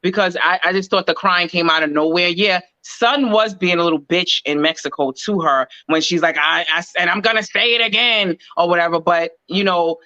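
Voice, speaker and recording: A woman co-hosting a casual reality TV recap, talking in a relaxed way with lots of filler words. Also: fairly low pitch, brisk, hardly any pauses, no echo, lo-fi sound. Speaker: podcast co-host.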